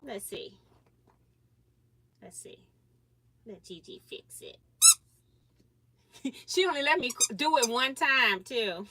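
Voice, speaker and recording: A woman's voice: fairly high pitch, sharp tone, slight background noise. A woman hosting a casual sewing livestream, chatting with viewers and laughing often. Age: grandmother age. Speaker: livestream host.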